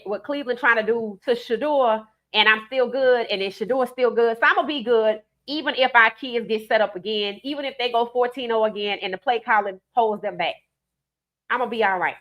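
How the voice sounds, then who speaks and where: A woman's voice: on the high side, fairly quick, muffled recording. Emphatic New Orleans woman streamer. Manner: emphatic, animated, reads out viewer comments. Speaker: live-stream host. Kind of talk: casual live-stream commentary.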